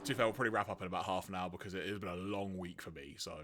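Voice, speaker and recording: A man's voice: low-pitched, steady tone, very fast, a bit bright. A man chatting casually while streaming a game.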